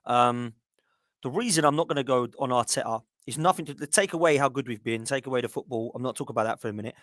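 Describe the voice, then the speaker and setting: A man's voice: mid-range voice, a bit bright, dry recording, studio quality. A man hosting a football podcast, ranting with frustration. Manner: fast, exasperated ranting. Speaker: podcast host. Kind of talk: heated casual podcast chat.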